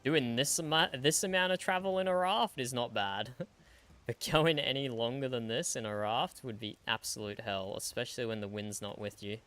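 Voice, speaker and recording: A man's voice: medium pitch, moderate pace, fairly bright tone. A man streaming a video game, chatting in a dry, matter-of-fact way and chuckling often. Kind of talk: casual gaming livestream chat.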